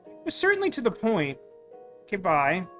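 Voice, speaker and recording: A man voicing a wry male detective with dry, deadpan delivery. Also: sits high, moderate pace, soft background music, full character voice.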